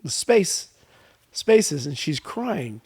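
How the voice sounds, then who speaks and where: Male guest, animated storyteller, lightly raised pitch. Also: drawn-out words, husky. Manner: animated storyteller acting out quoted dialogue. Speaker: winemaker guest. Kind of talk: storytelling in casual chat.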